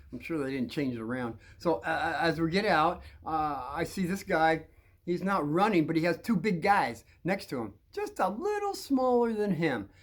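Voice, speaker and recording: Older guy rambling thru an old school story, voice jumps around a lot. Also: on the high side. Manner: rambling, animated, frequent restarts and laughs. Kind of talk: casual storytelling.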